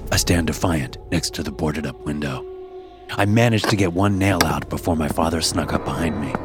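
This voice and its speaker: A man narrating a first-person horror story in a hushed, somber manner. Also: extremely low pitch, a little fast. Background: music.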